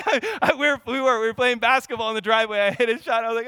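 A man in his thirties preaching a sermon, moving from quiet scripture reading to animated, shouting family stories. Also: high voice, fast talker, clear, resonant tone, no room sound. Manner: animated storytelling, swings from hushed to shouting. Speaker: pastor.

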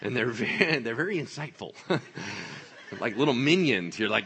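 A man's voice: mid-range voice, brisk, slightly rough. A man preaching a sermon, joking and acting out the people in the story as he talks. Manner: animated, joking, acts out voices. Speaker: pastor.

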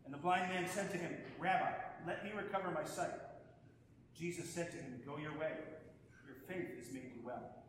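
Man, liturgical gospel reading, measured and unhurried, high pitch, cavernous echo, audible background noise. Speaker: scripture reader. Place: church sanctuary. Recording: very echoey church hall with background noise.

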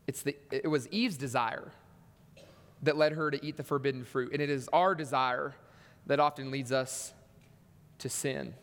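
A man's voice: mid-range voice, fairly even intonation, moderate pace, long pauses, fairly bright tone, long reverb tail. A man preaching a sermon in a church, telling stories and acting out voices with punchy emphasis.

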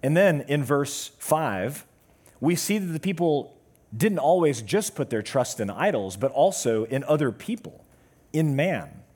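A man preaching a sermon to his church, with measured, emphatic pauses. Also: medium pitch, a little mellow, slightly rough. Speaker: pastor.

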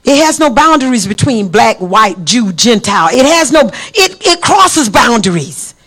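A guest pastor preaching a sermon with passion, swinging between loud calls and hushed lines and dropping in amens and praise Gods. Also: medium pitch, sing-song, measured pace, husky. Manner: fillers like amen and praise God.

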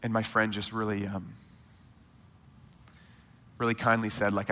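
A man in his thirties preaching a sermon to a church congregation in a conversational, animated way, speaking straight to his listeners. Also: fairly low pitch, measured pace, pauses often, big-room sound. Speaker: pastor. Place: church sanctuary.

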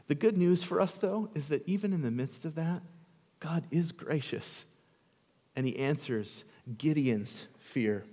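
A man's voice: on the high side, long reverb tail. A male pastor preaching a sermon in a conversational way, often putting questions to the congregation.

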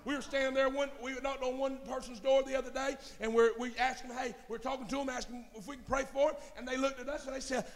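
A middle-aged pastor preaches with a high-pitched voice that rings through a long, echoing church hall. He drops to near whispers, then builds to loud, impassioned shouts. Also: little pitch movement, fast, creaky, few pauses. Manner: impassioned preaching, swinging from low murmurs to shouts. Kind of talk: sermon. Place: church sanctuary.

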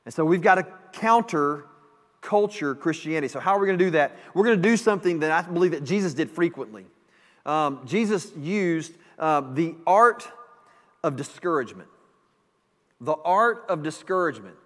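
A man pastor preaching a sermon, animated and emphatic, repeating key phrases. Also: a little high, moderate pace. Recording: long hall reverb.

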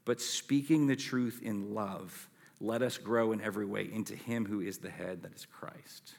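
Gravelly-voiced man preaching conversationally. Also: on the low side, normal speed, a little mellow. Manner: conversational preaching, frequent asides and "right?" checks. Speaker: pastor. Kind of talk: sermon.

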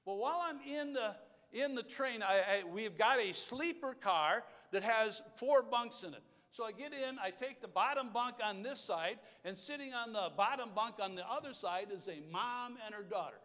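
A man's voice: sits high, lively intonation, normal speed, bright, forceful tone. A man preaching a sermon, telling a story in a conversational way with small restarts. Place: church sanctuary. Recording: long reverb of a hall.

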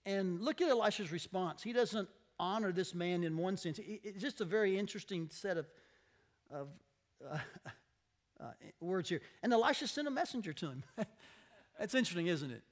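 A man's voice: high-pitched, animated, normal speed. A man preaching a conversational sermon, telling a Bible story expressively and acting out the people in it.

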